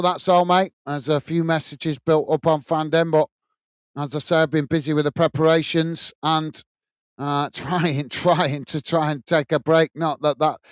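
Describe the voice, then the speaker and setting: A man from the UK hosting a live football watch-along, calling the play and warmly greeting viewers by reading their chat messages aloud. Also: on the high side, level tone, normal speed, smooth, no room sound. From United Kingdom. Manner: friendly, reads viewer comments aloud and greets them.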